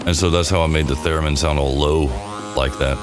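A man's voice: extremely low pitch, fairly even intonation, brisk, over music. A man co-hosting a podcast, chatting casually in a joking, goofy, rambling way. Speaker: podcast co-host. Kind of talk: casual chat.

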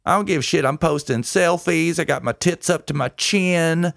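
A man putting on a high, shrill voice to mock a boastful Texan woman. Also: normal speed, creaky, a bit bright, no echo, clean studio sound. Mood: gleeful. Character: loud brash Texan woman in plaid vest.

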